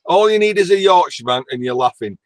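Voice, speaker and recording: A man's voice: on the high side, lively intonation, fast, no echo, poor audio. A man from Lancashire with a northern English accent, telling stories in casual chat with dry humor. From Lancashire, England. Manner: chatty storyteller, dry humor.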